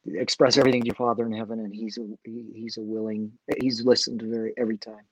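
A middle-aged man speaking earnestly as a guest, often halting and restarting his sentences. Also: fairly low pitch, little pitch movement, breathy edge, dry recording. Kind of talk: faith conversation.

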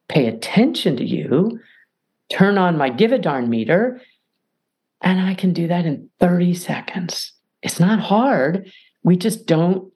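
A woman guest on a podcast talks emphatically, acting out snippets of conversation to make her point. Her voice sits fairly low but swoops widely as she talks. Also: husky. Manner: animated, emphatic, acts out little dialogues. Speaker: guest, author and mediator. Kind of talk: podcast interview.

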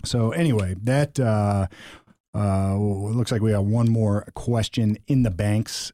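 A man's voice: lowish voice, steady tone, a little slow, mellow, no room sound, studio quality. A man, co-hosting a podcast in easygoing casual chat and telling stories. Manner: storytelling, easygoing, chuckles.

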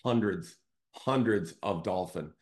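A man with a somewhat low voice hosts his own show. He talks in a relaxed storytelling way and keeps checking in with his listeners. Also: slow. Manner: conversational, often checks in with "right?". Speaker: real estate team CEO hosting a show. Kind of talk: casual storytelling monologue.

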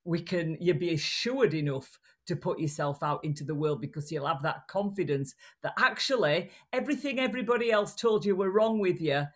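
A woman with a regional British accent, a communication coach, is a guest in a casual video-call interview. Her fairly low voice runs a little fast with hardly any pauses, and she's animated, blunt, and chatty, often restarting sentences.

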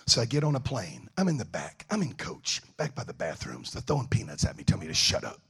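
A man preaching a sermon, telling funny stories in an animated, joking way. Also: mid-range voice, a little fast, breathy edge. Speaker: evangelist. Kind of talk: sermon storytelling.

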